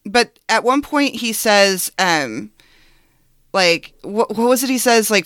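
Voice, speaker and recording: A woman's voice: mid-range voice, lively intonation, takes it slowly, fairly bright tone, dry recording, clean studio sound. A woman co-hosting a podcast, chatting earnestly about a film with lots of "like" and "um.". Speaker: podcast co-host. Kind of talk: casual chat about a film.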